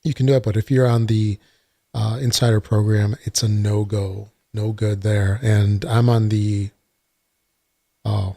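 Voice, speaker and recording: Gravelly low-voiced man hosting a podcast. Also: darkish tone, dry recording. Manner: rambling, many uhs, dry sarcasm. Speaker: podcast host. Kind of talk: casual solo podcast talk. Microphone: desktop computer mic.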